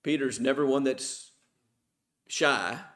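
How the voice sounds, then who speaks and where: A man's voice: mid-range voice, slow pace, fairly bright tone. A middle-aged man teaching an informal Bible study class at church. He asks the class questions and then answers them himself.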